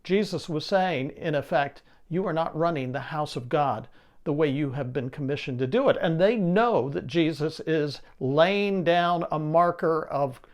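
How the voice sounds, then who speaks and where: A man with a fairly high voice delivers a sermon in a lively expository style. He reads scripture, then asks his listeners rhetorical questions and answers them with emphasis. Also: a little slow. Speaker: preacher.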